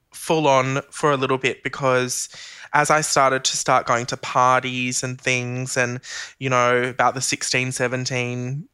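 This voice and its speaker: A man in his thirties telling a personal story as an interview guest, chatty and animated, mimicking other people's voices. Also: medium pitch, smooth.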